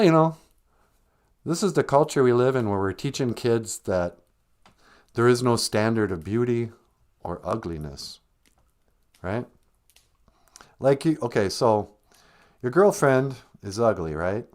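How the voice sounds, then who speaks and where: A man's voice: mid-range voice, lively intonation, unhurried, long pauses, darkish tone. Teasing man hosting a language lesson. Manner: teasing, blunt, chatty. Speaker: Ojibwe language teacher and host. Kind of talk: comedic live-stream lesson with call-in skit.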